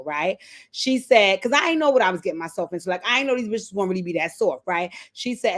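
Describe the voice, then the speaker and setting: Animated woman recapping reality TV. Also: mid-range voice, brisk. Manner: animated storytelling, acting out quotes. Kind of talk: casual commentary recap.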